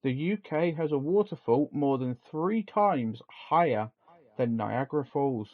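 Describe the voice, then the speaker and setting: A man's voice: medium pitch, animated, measured pace. A man co-hosting a casual podcast, chatty and rambling, laughing often. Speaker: podcast co-host. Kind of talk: casual chat. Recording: dull lo-fi sound.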